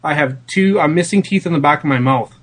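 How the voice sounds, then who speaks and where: A man's voice: on the high side, brisk, fairly bright tone. A man in casual podcast chat, telling a story in a laid-back, matter-of-fact way.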